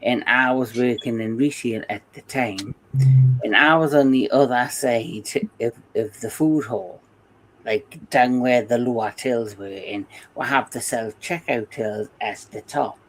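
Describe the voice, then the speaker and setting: A man's voice: mid-range voice, a little slow, a bit bright, poor audio. A man in his forties with a Geordie accent, chatting casually on a podcast and telling rambling stories with frequent laughs. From England. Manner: rambling anecdotal storyteller, laughs often. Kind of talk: casual chat.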